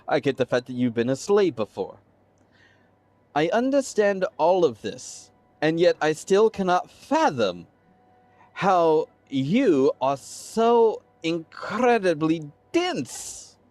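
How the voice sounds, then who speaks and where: A man playing a sly, exasperated male cook with blocky teeth who scolds in drawn-out, scathing lines in a tabletop game. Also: a little high, no room sound. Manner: scathing, drawn-out scolding turning quietly threatening.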